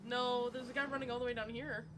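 A woman's voice: a little high, level tone, quick pace, background noise. A woman chatting casually with friends while playing a game, laughing often and swearing now and then. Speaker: streamer's teammate. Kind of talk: casual gaming chat. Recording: loud game sounds behind.

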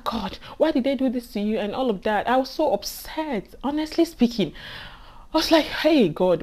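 Nigerian-accented woman, young adult, casual vlog storytelling, lively, laughs a lot, mid-pitched voice. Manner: animated, laughs often, acts out quoted speech. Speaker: healthcare assistant vlogger.

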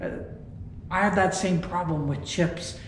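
High-voiced male pastor, conversational. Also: unhurried, slight background noise. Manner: folksy, conversational, repeats words. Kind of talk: sermon with storytelling. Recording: echoey room.

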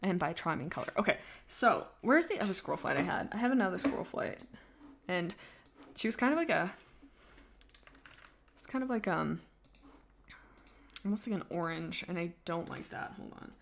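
Chatty, gravelly woman drawing on stream. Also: on the low side, animated, normal speed, long pauses, a little hiss or hum. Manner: rambling, self-deprecating, goes quiet while focused. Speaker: artist streaming live. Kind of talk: casual livestream chat while drawing.

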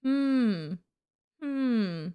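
A woman with a somewhat high voice hosts a livestream in casual chat. She jokes crudely and giggles often, playing at running a class. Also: animated, drawn-out words, smooth, muffled recording. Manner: giggly, crude, playful teacher act. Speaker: streamer co-host.

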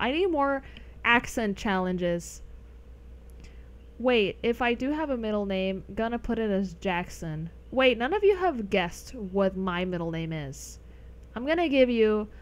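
A young adult woman streaming a game, chatting casually with viewers, rambling and laughing often. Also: mid-range voice. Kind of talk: casual live-stream chat over gameplay.

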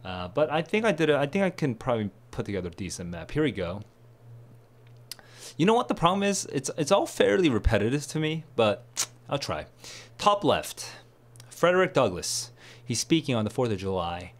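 A tired man reading a passage and thinking aloud, musing in a low-energy way as a test prep tutor. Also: big pitch swings, moderate pace.

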